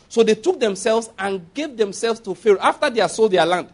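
High-voiced preacher. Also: male voice, expressive, brisk, few pauses. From Nigeria. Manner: conversational preaching with asides and laughter, call-and-response. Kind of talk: sermon.

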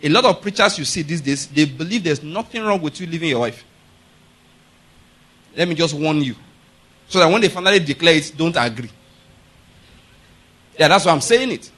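A man's voice: high voice, fairly bright tone. A middle-aged male pastor preaching a sermon, emphatic and often checking with his congregation through rhetorical questions.

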